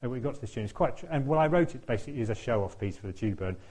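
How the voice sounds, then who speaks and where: A man's voice: mid-range voice, expressive, very fast, a little mellow. Chatty man telling a story. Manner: chatty, self-deprecating, laughs often, acts out quotes. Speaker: church speaker. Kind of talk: anecdotal sermon storytelling.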